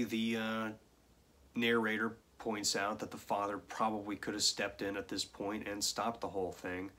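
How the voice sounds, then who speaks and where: Man, film reviewer, unhurried delivery, lowish voice, dry sarcastic remarks, casual review. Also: vocal fry, fairly bright tone. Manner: dry, sardonic asides.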